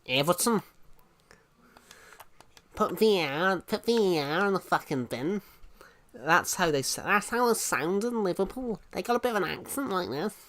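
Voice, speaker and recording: A man's voice: high voice, lively intonation, measured pace, long pauses, bright, forceful tone, voice pushed up, full character voice. Young man doing a mock Scouse voice. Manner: exaggerated, swearing. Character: exaggerated Liverpool man, loud and rough.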